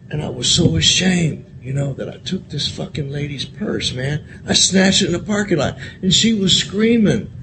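A man's voice: fairly high pitch, lively intonation, normal speed, vocal fry. Man, raised voice, rambling recovery share, lots of swearing, noisy live room. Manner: rambling, repeats words, swears often, says "man". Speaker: convention speaker sharing recovery story. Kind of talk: candid recovery share, profane and emotional. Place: convention hall. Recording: live talk with loud room noise.

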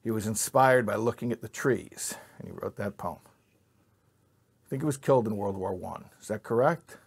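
A man's voice: fairly low pitch, normal speed, breathy edge. A man teaching an informal Bible class to a live group, joking and quizzing his listeners. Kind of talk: informal Torah class with audience.

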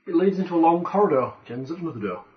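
A man running a tabletop game as game master, reading room descriptions in a measured way. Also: fairly high pitch, animated. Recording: dull lo-fi recording.

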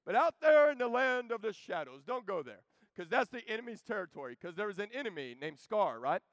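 A man in his thirties preaching a joking, animated sermon that calls out to the crowd. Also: high-pitched, quick pace, no echo. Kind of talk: energetic camp sermon.

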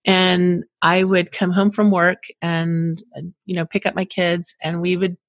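A woman's voice: on the low side, level tone, measured pace, dry recording. A woman hosting an interview, affirming her guest and reflecting on her own past. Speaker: host. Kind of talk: interview conversation.

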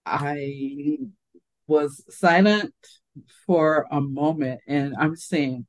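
A woman's voice: deep voice, very slow, low-quality recording. An older woman co-hosting a casual chat, telling a story from her working life and acting out the people in it. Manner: animated storyteller, acts out quoted voices. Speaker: podcast co-host.

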